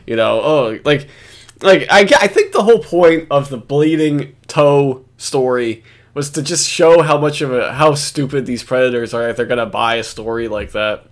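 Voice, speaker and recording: A man's voice: mid-range voice, normal speed. A man giving casual, profane commentary on a video, rambling and sarcastic with frequent restarts.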